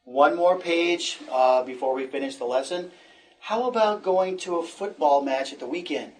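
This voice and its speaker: A man teaching an English lesson, encouraging and repeating phrases slowly for learners. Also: a little high, distant mic, slight background noise.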